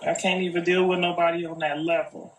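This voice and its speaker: A woman's voice: lowish voice, level tone, brisk. Older woman, grandmother, casual live-stream talk, earnest and repetitive, far from mic, echoey noisy room. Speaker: grandmother speaking on a live video.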